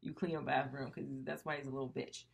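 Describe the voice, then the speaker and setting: Husky-voiced blunt co-host. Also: medium pitch, little pitch movement, fast. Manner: blunt, profane wisecracks. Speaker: podcast co-host. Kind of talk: casual movie chat.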